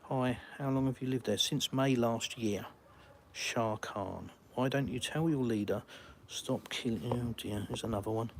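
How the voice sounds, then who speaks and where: This UK livestream host, English-accented, broadcasts from outdoors in a village and handles chat questions with blunt, dry sarcasm. His mid-range voice moves at a measured pace against slight background noise.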